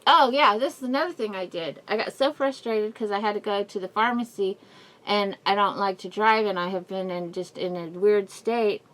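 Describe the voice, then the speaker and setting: A middle-aged woman vlogger, wearing a face mask, shares a casual personal update at normal speed in a mid-range, slightly bright voice. She rambles through an emotional story, often laughing and sighing.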